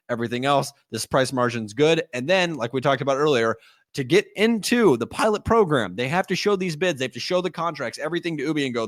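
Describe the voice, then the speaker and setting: A man co-hosting a casual podcast, talking in a blunt and heated way with plenty of swearing. His voice sits at an ordinary middle pitch. The sound is dry and close, with no room echo. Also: expressive, brisk. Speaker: podcast co-host.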